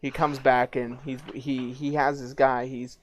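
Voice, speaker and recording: A man's voice: mid-range voice, little pitch movement, a little slow, a little hiss or hum. A man running a tabletop game as game master, narrating casually with many fillers.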